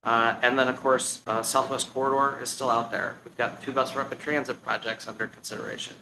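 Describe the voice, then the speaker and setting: A man giving a halting presentation to a public commission, with many fillers and restarts. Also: medium pitch, flat delivery, background noise. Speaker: staff presenter. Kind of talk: meeting presentation. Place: public meeting room.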